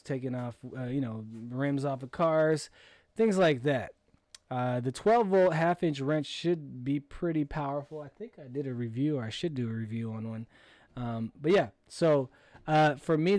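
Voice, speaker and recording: A man's voice: medium pitch, a little mellow, dry recording, studio quality. A man hosting a casual livestream, reading viewer comments aloud and answering them in an easygoing way. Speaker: livestream host.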